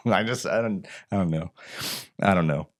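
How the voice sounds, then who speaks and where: A man, co-hosting a casual podcast and telling animated stories. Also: low-pitched, unhurried. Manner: animated storyteller, mimics voices in anecdotes. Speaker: podcast co-host. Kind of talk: casual chat.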